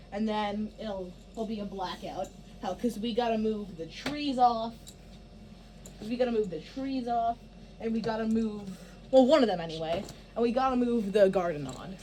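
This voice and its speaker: A woman's voice: on the high side, mellow, a little hiss or hum. Rambling woman director giving stage notes. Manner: rambling, filler-heavy, restarts often. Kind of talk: casual rehearsal instructions.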